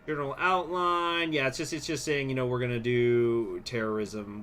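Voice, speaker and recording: A man's voice: medium pitch, fairly even intonation, moderate pace, a bit bright, faint music behind. A man hosting a strategy game playthrough, mumbling asides and reading the game's event text aloud in a casual way. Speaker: gaming channel host.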